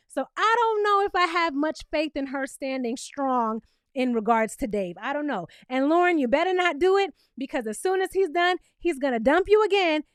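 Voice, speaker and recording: High-voiced woman, sassy and emphatic, recapping a show, dry close sound. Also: no echo. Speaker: reality TV reviewer. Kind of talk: casual commentary vlog.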